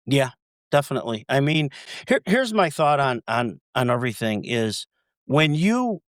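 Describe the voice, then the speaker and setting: An earnest man speaks as a podcast guest at a middle pitch, halting and repeating himself as he searches for words. The recording is dry and close-miked. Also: sing-song, no room sound. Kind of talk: casual podcast chat.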